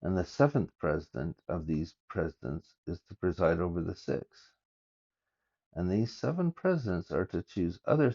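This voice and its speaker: An older man reading scripture aloud and musing over it in a halting, thinking-aloud way, recorded on his phone. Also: low-pitched, gravelly, warm tone, dull audio. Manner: reads verses aloud with halting, thinking-aloud asides. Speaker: scripture study vlogger. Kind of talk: casual scripture study talk.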